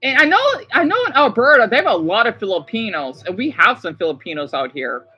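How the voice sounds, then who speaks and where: Gushing, excitable American woman streamer. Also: on the high side, fairly quick, breathy edge, lo-fi sound. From United States. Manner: gushing, excitable, often apologizing. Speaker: livestream host. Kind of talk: casual livestream reaction chat.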